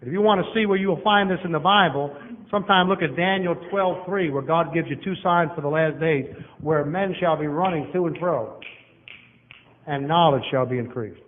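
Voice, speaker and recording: A man, preaching a sermon as a guest speaker in a church auditorium, folksy and lively as he walks the room. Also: on the high side, normal speed, slight background noise. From Southern United States. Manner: folksy, lively, walking and pointing across the room. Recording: dull, long-reverb hall recording.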